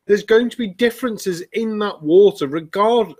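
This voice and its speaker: Man, host, fairly high voice, mocking, swears a lot, casual chat. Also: normal speed, darkish tone. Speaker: show host. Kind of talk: casual group chat reacting to videos.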